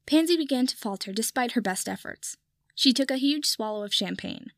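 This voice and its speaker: A woman narrating a piece of fan fiction aloud in a steady storytelling manner. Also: on the high side, fairly quick, dry recording, studio quality. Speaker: reader.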